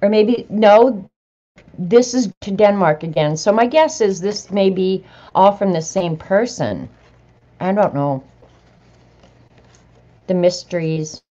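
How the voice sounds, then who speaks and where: Chatty woman vlogger, mellow voice. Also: fairly low pitch, slow pace, pauses often, muffled recording. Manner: chatty, laughs and reads aloud. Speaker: vlogger opening happy mail. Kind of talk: casual chat to viewers.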